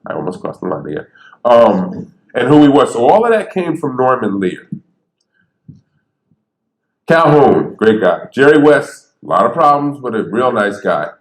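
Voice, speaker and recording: A man who stutters, telling stories on stage in a lively, conversational way and acting out the people he quotes. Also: mid-range voice, unhurried. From Bridgeport, Connecticut. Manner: animated, conversational, acts out quotes. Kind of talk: storytelling talk. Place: theater stage. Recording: echoey theater.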